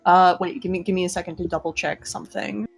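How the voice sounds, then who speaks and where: A man's voice: sits high, steady tone, fast talker, vocal fry, breathy edge, soft background music. A man playing in a tabletop game, laid-back and joking. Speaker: player. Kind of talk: casual tabletop role-play.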